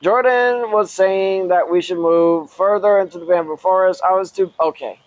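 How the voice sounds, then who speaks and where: A man with a notably high voice reads a story aloud, breaking off for casual asides to his listeners. He chuckles often and stops to correct himself. The sound is close and dry, from a home setup. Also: normal speed, dry recording, poor audio.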